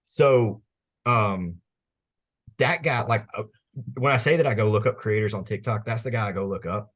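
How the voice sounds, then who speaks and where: A man chatting easily as a podcast co-host. His voice sits on the low side and comes out husky and breathy. He tells stories in a relaxed way and laughs often. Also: moderate pace. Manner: laid-back, storytelling, laughs often. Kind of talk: casual chat.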